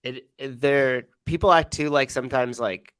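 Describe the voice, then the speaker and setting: Podcast co-host dude, mid pitch, thinks out loud, says like a lot, swears, dry mic. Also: male voice, moderate pace, clear, resonant tone, dry recording. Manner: reflective, heavy on "like", casual swearing. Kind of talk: casual podcast chat.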